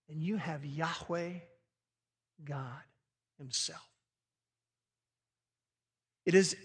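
A man preaching a sermon, swinging from loud declarations to hushed, emphatic words. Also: high voice, big-room sound.

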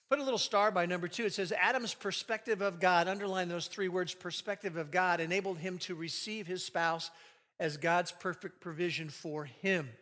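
Bright, high-voiced man teaching in a hall. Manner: lively, joking, reads scripture aloud. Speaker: Bible teacher leading a marriage class. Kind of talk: live sermon-style teaching to an audience. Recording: long reverb of a large hall.

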